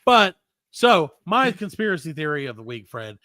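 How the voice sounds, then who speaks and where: Ranting and swearing freely, a middle-aged comedy podcast host tells exasperated stories in casual conversation. He sounds very animated, with a high-leaning, sharp voice at a moderate pace, and the sound is clean studio audio with no echo.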